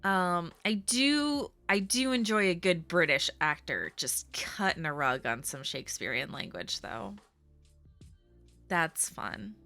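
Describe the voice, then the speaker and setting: Chatty woman streamer, crisp dry voice. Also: fairly low pitch, very animated, slow, sharp tone, dry recording, soft background music. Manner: chatty, rambling, laughs often. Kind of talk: casual chat.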